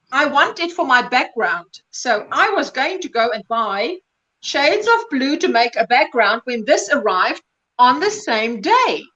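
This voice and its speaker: A woman's voice: high voice, sharp tone, lo-fi sound. A woman hosting a casual crochet livestream, talking in a gushing, enthusiastic, chatty way.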